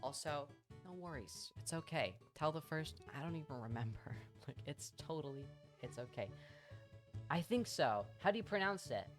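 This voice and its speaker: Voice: mid-range voice, moderate pace. English streamer rambling through a story for chat, swears a lot, faint music behind. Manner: animated, swears freely, acts out quotes. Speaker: livestreamer.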